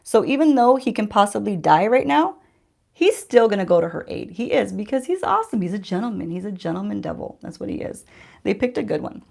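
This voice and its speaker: Holding a mirror and using a handheld-range mic, a woman beauty vlogger does her makeup while telling her viewers a story. Her mid-range voice is very animated and brisk, with vocal fry and a darkish tone, and she chats directly to the audience with rhetorical questions.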